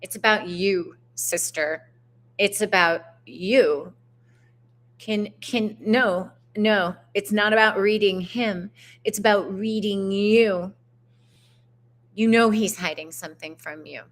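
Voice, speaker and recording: A woman in the middle of a live tarot reading, talking slowly and easily. Her pitch sits in a middle range, and she is chatty and animated, mixing spiritual language with slang and the occasional curse. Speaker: tarot reader. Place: home on a mountainside.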